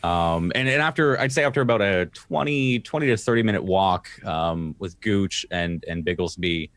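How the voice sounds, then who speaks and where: A man running a tabletop game as game master, narrating scenes in a relaxed, descriptive way. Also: deep voice, normal speed, no room sound. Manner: relaxed, descriptive, full of ums and uhs.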